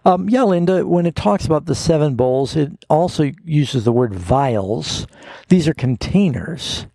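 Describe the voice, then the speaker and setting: A man, a pastor, answering listeners' Bible questions on a call-in radio show in an unhurried, explanatory teaching manner. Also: a little high, expressive, vocal fry, mellow, dry recording.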